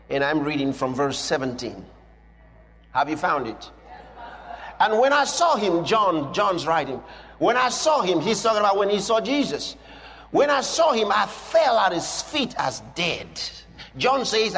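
A man preaching a sermon, reading scripture and swinging between hushed asides and shouted declarations, with chuckles between points. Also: high voice. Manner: reads scripture aloud to a congregation. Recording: long hall reverb.

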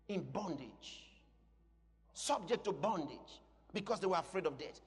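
A man preaching a sermon with passion, swinging between loud shouts and quieter asides. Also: high voice, animated, a little slow, slightly rough. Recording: long hall reverb.

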